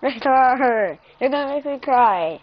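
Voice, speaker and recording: A high-voiced woman speaks slowly and soothingly to her pet in a casual vlog, coaxing it and breaking into small laughs. The recording sounds dull and lo-fi. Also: lively intonation. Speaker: vlogger.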